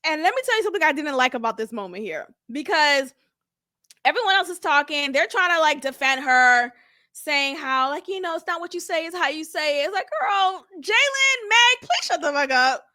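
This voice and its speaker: A woman's voice: high voice, lively intonation, fairly quick, sharp tone, no room sound, studio quality. A young woman giving a sassy, blunt casual recap of a reality show as a channel host, with laughing asides. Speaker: reality TV reviewer.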